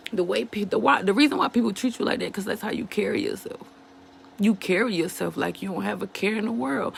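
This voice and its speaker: Gravelly-voiced woman talking frankly to viewers. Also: on the high side, a little hiss or hum. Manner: emotional, speaks straight to viewers as "y'all"; colloquial, many "you know what I'm saying" fillers. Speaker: vlogger. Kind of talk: candid personal monologue to camera.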